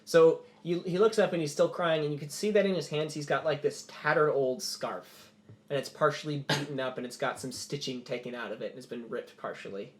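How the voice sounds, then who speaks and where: A man's voice: fairly high pitch, a little fast, slight background noise. A man narrating as game master in a loose, rambling way with many fillers.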